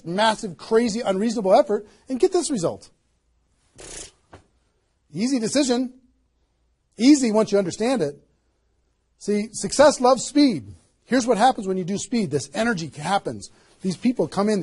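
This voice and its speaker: High-voiced, husky male seminar trainer. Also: normal speed, long pauses. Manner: energetic, emphatic, asks rhetorical questions. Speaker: network marketing trainer. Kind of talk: motivational seminar talk.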